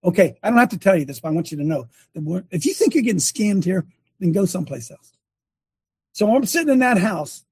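A man's voice: high-pitched, very animated, brisk, slightly rough, dry recording. An older man and former coach giving a sermon-like testimony, telling it emphatically with many repeats and restarts. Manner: breaks off to direct a helper at a screen.

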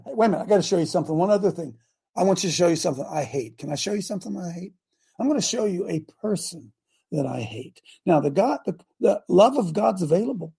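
A man's voice: sits high, gravelly, mellow, slightly rough. An older man hosting a live show, preaching emphatically and calling on his audience to answer. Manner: emphatic, exclamatory, calls out to the audience. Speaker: host and preacher. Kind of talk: fiery live-show sermon.

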